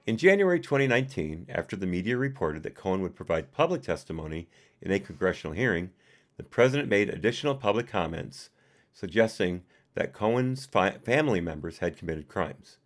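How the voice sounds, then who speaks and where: A man's voice: sits low, big pitch swings, a little fast. A man doing a live reading of a report, reading the punctuation aloud and adding his own asides. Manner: reads punctuation aloud and adds personal asides. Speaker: reader and commentator.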